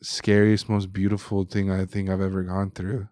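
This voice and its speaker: A man's voice: low-pitched, monotone, moderate pace, mellow, dry recording, studio quality. A man in his thirties, a chef and podcast guest, telling a heartfelt personal story in casual talk full of "dude" and "like". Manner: emotional, heartfelt, says "dude" and "like" a lot.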